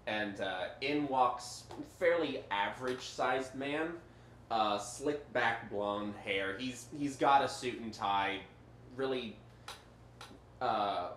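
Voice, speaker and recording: Slow, hesitant male game master. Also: mid-range voice, fairly bright tone. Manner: slow and hesitant, many ums. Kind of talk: narrating a tabletop game. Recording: echoey room, faint noise.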